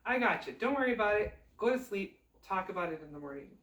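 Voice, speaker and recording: A woman doing a calm frog princess. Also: mid-range voice, quick pace, roomy sound, recorded from a distance, close to an everyday voice. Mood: reassuring. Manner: soothing, unbothered, confident.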